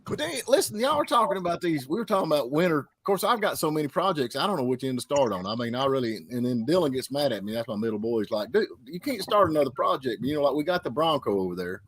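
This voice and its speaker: A man's voice: mid-range voice, expressive. A man chatting casually about old cars, telling folksy stories. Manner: fast folksy storytelling with Southern idioms.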